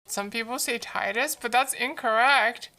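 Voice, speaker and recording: A woman's voice: on the high side, moderate pace, sharp tone. A woman streamer chatting casually while she draws, answering chat messages aloud in a playful, teasing way.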